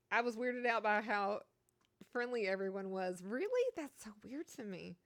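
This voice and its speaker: A woman's voice: on the high side, lively intonation, slow, dry recording, studio quality. A woman from Kentucky with a Kentucky accent, chatting casually on a stream and reading out chat, rambling and laughing as she talks.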